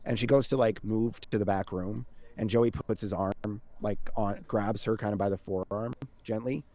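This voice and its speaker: A man narrating a tabletop game as game master in a relaxed, casual, rambling way. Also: fairly low pitch, moderate pace.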